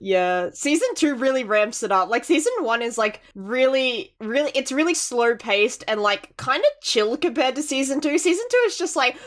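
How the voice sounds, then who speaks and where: A woman's voice: fairly high pitch, expressive, moderate pace, few pauses, a bit bright. A young woman guesting on a casual anime chat, chatty and opinionated, often laughing mid-sentence.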